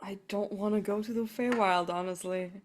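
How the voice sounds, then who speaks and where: A woman's voice: mid-range voice, steady tone, normal speed, a little hiss or hum. A woman playing a tabletop role-playing game, blunt and practical in her talk. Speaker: player. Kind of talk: in-character tabletop play.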